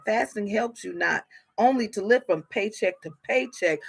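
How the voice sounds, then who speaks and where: A woman's voice: mid-range voice, animated, moderate pace, gravelly, breathy edge. A woman preaching a fervent sermon, repeating her phrases for emphasis.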